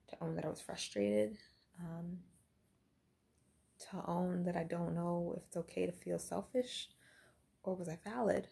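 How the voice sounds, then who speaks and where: Candid gravelly-voiced young mother vlogging. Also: lowish voice, dark tone. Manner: candid and reflective, often dropping to a whisper. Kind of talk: confessional diary vlog.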